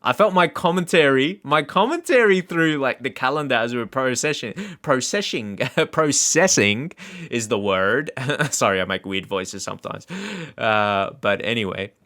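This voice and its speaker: A man's voice: medium pitch, moderate pace, sharp tone. A man hosting a gaming video, chatting casually in a rambling way and laughing often as he talks viewers through the game. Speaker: gaming channel host. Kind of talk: casual gameplay commentary.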